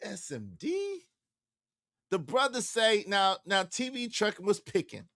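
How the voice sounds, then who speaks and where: A man hosting a casual livestream from his car, animated and repetitive, shouting out his viewers. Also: sits high, a little slow, dry recording, studio quality. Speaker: livestream host.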